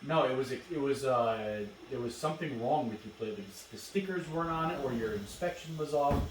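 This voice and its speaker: A man's voice: medium pitch, fairly quick, slight background noise. Man teasing his friend in casual chat. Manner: teasing interjections, dry jokes. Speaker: podcast guest. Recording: roomy, distant mic.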